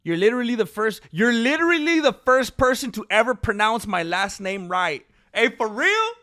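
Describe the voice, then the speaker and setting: A man's voice: sits high, expressive, normal speed, sharp tone. A man hosting a casual livestream, joking around and reading out names from the chat. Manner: playful, joking, reads chat names aloud. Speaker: livestream host.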